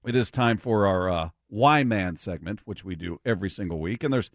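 A man's voice: sits low, brisk, dry recording. A middle-aged man hosting a sports radio show in casual chat, laughing easily and plugging the text line. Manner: chatty, laughs often, reads the text line. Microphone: studio microphone.

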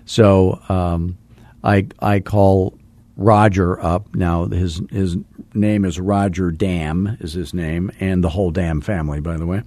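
A man's voice: sits low, steady tone, slow pace, dark tone, no echo. A man hosting a real estate coaching podcast, telling a jokey anecdote and acting out both sides of a phone call. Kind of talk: casual storytelling on a podcast.

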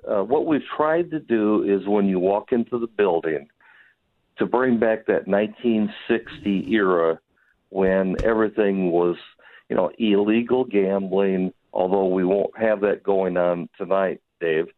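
A man calling in by phone, hoarse from losing his voice, speaking enthusiastically with many halting fillers. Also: fairly low pitch. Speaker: phone guest, venue operator. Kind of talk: phone interview. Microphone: telephone. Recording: tinny phone line.

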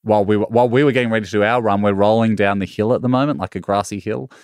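A middle-aged Australian man, a podcast guest, telling stories in an animated, self-deprecating way and acting out the lines he quotes. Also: lowish voice, racing, clear, resonant tone, dry recording, clean studio sound. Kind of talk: casual storytelling.

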